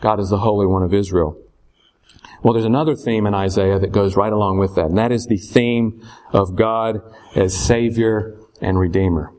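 A man's voice: fairly low pitch, steady tone, normal speed, a little mellow. A man teaching a Bible lesson in a conversational way, often checking in with rhetorical questions.

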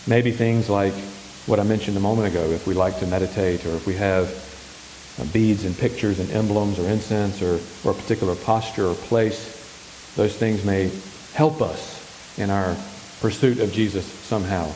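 A male pastor preaches a sermon, posing questions to the congregation and answering them himself. His voice is fairly low, steady and mellow at a moderate pace, recorded in an echoey hall with faint hiss.

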